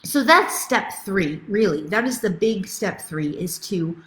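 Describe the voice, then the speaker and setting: A woman's voice: medium pitch, expressive, measured pace, fairly bright tone. Enthusiastic woman coach, echoey room. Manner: enthusiastic, reads out viewer comments. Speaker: spiritual coach. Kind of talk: live webinar teaching.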